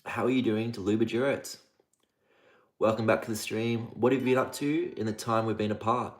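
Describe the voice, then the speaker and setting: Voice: mid-range voice, steady tone, brisk. A livestream host chatting casually, greeting viewers by name in a sing-song, rhyming patter. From Australia (Victoria). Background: music playing.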